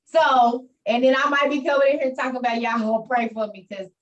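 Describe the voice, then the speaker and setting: Woman host on a video call, chatty, slightly higher voice, a bit off-mic, encouraging listeners. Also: fairly even intonation, brisk, recorded from a distance, lo-fi sound. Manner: chatty, addresses listeners as y'all, preachy about faith. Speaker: online meeting host. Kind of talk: casual chat and encouragement to listeners.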